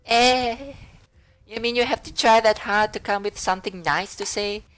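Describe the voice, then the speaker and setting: A man putting on a snappy high-voiced teen girl. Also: moderate pace, fairly bright tone, clear, resonant tone. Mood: indignant. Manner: snappy, sarcastic high falsetto-like voice. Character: prickly teenage girl, sharp-tongued and defensive. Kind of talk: reading game dialogue aloud.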